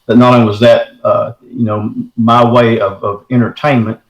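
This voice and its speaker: A man's voice: medium pitch, normal speed, roomy sound, rough recording. A middle-aged man, telling his own encounter story in casual, folksy talk, often saying "man". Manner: folksy, says "man" often, animated retelling. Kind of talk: casual first-person storytelling.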